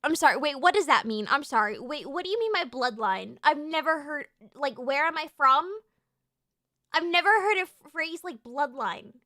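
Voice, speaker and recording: Excitable young woman streamer, bright high voice. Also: moderate pace, no echo, studio quality. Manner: excitable, with sudden shouted outbursts. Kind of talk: casual live-stream chat.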